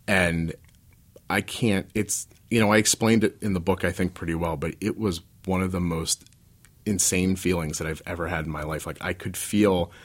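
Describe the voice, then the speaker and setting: A man's voice: deep voice, steady tone, moderate pace. A stay-at-home dad and author in his forties, an interview guest telling personal stories in a candid, rambling way with self-deprecating asides.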